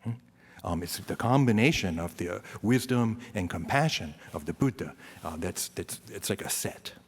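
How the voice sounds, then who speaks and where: A man giving an informal, self-deprecating Dharma talk, peppered with "right?" asides and rising into animated rants. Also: low-pitched, normal speed. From US East Coast. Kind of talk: informal sermon. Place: temple hall. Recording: reverberant hall.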